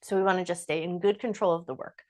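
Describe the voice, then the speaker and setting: A woman yoga instructor with a slightly low voice, guiding a class through movement. She cues calmly and encouragingly, stretching out her phrases and easing the listener along. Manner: calm, encouraging cueing with slow drawn-out phrases.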